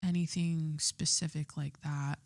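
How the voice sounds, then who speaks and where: A woman's voice: low voice, flat delivery, measured pace, a little mellow, dry recording, studio quality. A woman podcast host chatting casually as she reads out news items and reacts bluntly, swearing and often stopping to correct herself.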